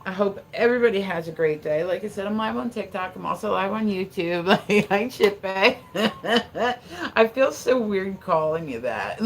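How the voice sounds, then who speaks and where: Chatty woman streamer with a gravelly voice. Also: medium pitch, unhurried, a little hiss or hum. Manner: chatty, rambling, swears freely, laughs often. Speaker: livestream host. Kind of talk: casual livestream chat.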